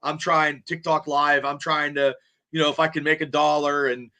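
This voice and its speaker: A man's voice: fairly high pitch, little pitch movement, normal speed, sharp tone. A man hosting a podcast in casual chat, rambling and stammering as he repeats words. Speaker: podcast host.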